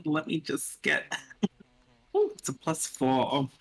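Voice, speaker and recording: Casual tabletop player, inquisitive, mid-pitched voice. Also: huge pitch swings, takes it slowly, gravelly. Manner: questioning, thoughtful.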